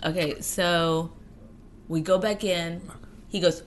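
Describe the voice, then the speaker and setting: A woman's voice: on the low side, fairly even intonation, takes it slowly, slight background noise. A woman co-hosting a comedy podcast, telling a story in a teasing, exasperated way. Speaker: podcast co-host.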